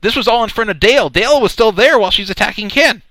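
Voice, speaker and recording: A man with a bright, forward voice hosts a radio talk show, spinning a rambling anecdote and stumbling over repeated words. The sound is close and dry with almost no room. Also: high-pitched, fast, no echo. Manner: rambling, repeats words, laughs at his own story. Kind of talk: casual storytelling chat.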